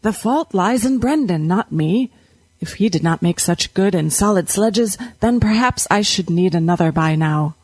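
A woman's voice: on the low side, expressive, moderate pace, a little mellow, slightly rough, dry recording. A woman voicing a plump, jovial, stubborn middle-aged wheelwright with folksy, old-fashioned rural speech. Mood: genial.

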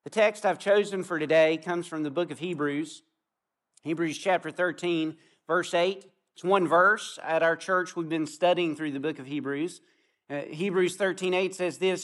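A man preaching an outdoor sermon, telling stories earnestly and slowing down to stress key words. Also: high-pitched, fairly bright tone. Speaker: pastor. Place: outdoor gathering.

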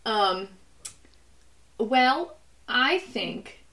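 A young woman co-hosts a casual movie podcast, her voice sitting a little high. She tells stories with lively animation and laughs often. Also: drawn-out words. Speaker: podcast co-host. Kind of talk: casual movie-review chat.

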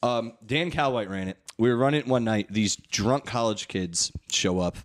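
A man hosting a comedy podcast, telling stories in casual chat and acting out the people in them with loud, shouty voices. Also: mid-range voice, normal speed. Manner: animated, acts out quotes in loud shouty voices.

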